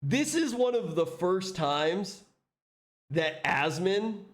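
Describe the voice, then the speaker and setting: A man on a casual stream reacts to a video and tells animated stories, laughing often and swearing plenty. His voice sits high and moves at a slow pace.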